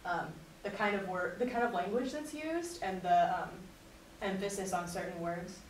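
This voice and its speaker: A woman speaks in an earnest, measured way, presenting and then reading a letter aloud. Her voice sits at an ordinary middle pitch and comes from some distance away from the microphone. The room is echoey, with a faint hum underneath.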